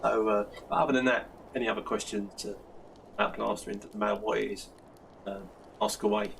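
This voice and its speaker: Fairly quick and a bit bright, an older South London man's gravelly, fairly low voice carries a steady tone as he answers plastering questions on a casual live stream. He laughs often and restarts sentences along the way. The mic sits slightly distant, with a faint hiss of noise below.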